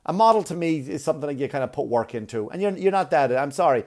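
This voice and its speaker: A man's voice: on the high side, expressive, fast talker, darkish tone. A man on a blunt, profane comic rant, arguing and mocking as he goes. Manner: blunt, swearing, argumentative, mocking.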